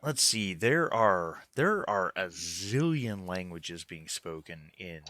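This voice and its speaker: A man's voice: low-pitched, big pitch swings, slow pace, background noise. A man narrating as game master for a tabletop game, talking casually with many fillers and restarts.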